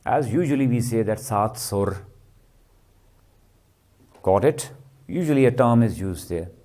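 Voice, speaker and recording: A man's voice: mid-range voice, animated, a little slow, warm tone. A man giving a literature lecture, constantly asking the class rhetorical questions. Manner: keeps quizzing with rhetorical questions, tags "ji".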